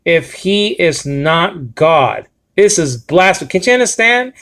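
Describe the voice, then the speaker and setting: A man with a slightly high voice leads a Bible lesson, reading Greek words off an app on his screen. He talks in an emphatic, repetitive way and keeps checking in with "okay?" as he goes. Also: sing-song, a little slow, fairly bright tone. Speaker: Bible teacher.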